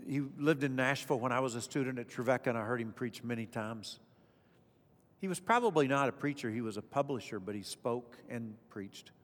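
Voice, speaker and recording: Man preaching in a reverberant hall. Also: medium pitch. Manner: dramatic swings from loud emphasis to hushed. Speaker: pastor. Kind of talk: sermon. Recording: echoey hall with faint music.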